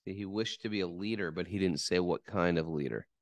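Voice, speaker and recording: A man's voice: low voice, fairly quick, dry recording. A man chatting casually on a talk show, dropping wry quips and questions. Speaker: podcast co-host. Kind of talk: casual chat.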